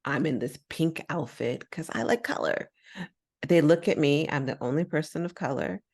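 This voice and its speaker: This podcast host, a woman from the United States, has a deep voice and talks at normal speed. She recounts a personal anecdote in a casual, lively way, performing the voices of the characters involved.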